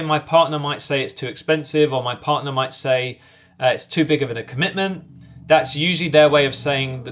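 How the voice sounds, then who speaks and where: Commanding male sales coach, fairly high voice. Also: fairly bright tone. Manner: acts out both sides of sales calls in quick back-and-forth; direct, commanding delivery. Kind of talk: instructional talk to camera.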